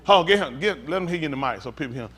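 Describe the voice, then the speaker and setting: A man preaching a sermon as pastor, swinging from hushed talk to shouting. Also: fairly high pitch, expressive, racing, breathy edge.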